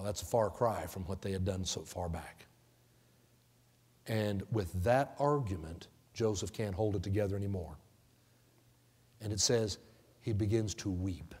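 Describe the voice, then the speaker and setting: A man preaching a sermon as pastor, retelling a Bible story with lively storytelling and acted-out character voices. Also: fairly low pitch, slightly rough. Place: church sanctuary. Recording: long church-hall reverb.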